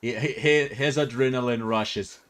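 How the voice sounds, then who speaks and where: A man's voice: medium pitch, normal speed. A male streamer chatting casually and reacting with frequent laughter while watching a video.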